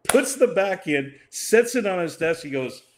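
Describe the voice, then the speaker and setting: A man's voice: high voice, lively intonation, a little slow. Older man telling a rambling story. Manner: rambling, laughing often, quoting others in a put-on voice. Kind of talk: casual anecdote.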